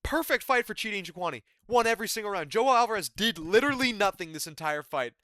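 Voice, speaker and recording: Bright, crisp-voiced man recapping fights. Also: high-pitched, expressive, fast, no echo, studio quality. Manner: rambling, profane, exasperated. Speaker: MMA commentary YouTuber.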